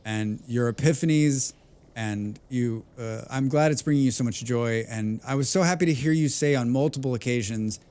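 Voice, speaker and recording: A man's voice: mid-range voice, normal speed, warm tone, smooth. A man streaming a game, thinking aloud and chatting casually with viewers, swearing freely. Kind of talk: casual gameplay livestream chat.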